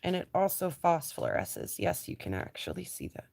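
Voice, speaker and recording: Stuffy-nosed raspy woman, low-pitched. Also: sing-song, normal speed, darkish tone. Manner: chatty, rambling, trails off with ums. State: stuffy nose, raspy from allergies. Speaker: lapidary showing rocks to viewers. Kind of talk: casual live-stream chat.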